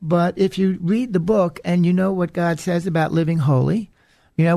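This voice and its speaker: A man's voice: high-pitched, steady tone, normal speed, vocal fry, warm tone, no room sound, clean studio sound. A man hosting a preaching program, delivering an earnest, emphatic warning message. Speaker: radio preacher and host. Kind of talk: preaching monologue.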